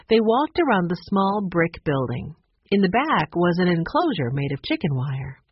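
Husky-voiced woman reading a children's book. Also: fairly low pitch, normal speed, no room sound. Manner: expressive, varies voices for characters. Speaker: audiobook narrator. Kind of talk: children's audiobook narration. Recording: dry, slightly dull recording.

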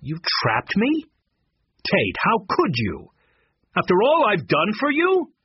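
A man's voice: high-pitched, wildly swooping pitch, slow, breathy edge, no echo, dull audio, pitched above the performer's own voice, full character voice. A man voicing a scheming male publicist who argues defensively and pleads. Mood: pleading.

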